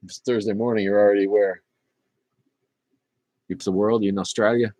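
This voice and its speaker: Man, fifties, stream host; low voice, casual and rambling, dry sound. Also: normal speed, no room sound. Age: 50s. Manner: relaxed, rambling, with many fillers. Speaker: livestream host reading chat. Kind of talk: casual livestream chat.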